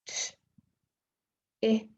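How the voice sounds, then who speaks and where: A woman teaching a phonics lesson to young children, sounding out letters and syllables clearly and praising the class. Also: very slow, darkish tone. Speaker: primary school teacher.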